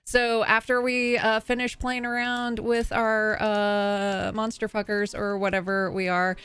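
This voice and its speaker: A woman's voice: mid-range voice, level tone, a little slow, a bit bright, clear, resonant tone. A woman hosting a tabletop game livestream, giving casual announcements with lots of fillers and laughter. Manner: chatty, filler-heavy, laughing often. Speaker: stream host.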